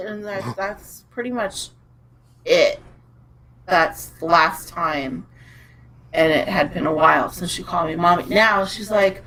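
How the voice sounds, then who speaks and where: A woman's voice: medium pitch, unhurried, fairly bright tone, low-quality recording. A woman in her thirties on a podcast, rambling through a story in a casual, chatty way with laughter. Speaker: podcast co-host. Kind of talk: casual chat.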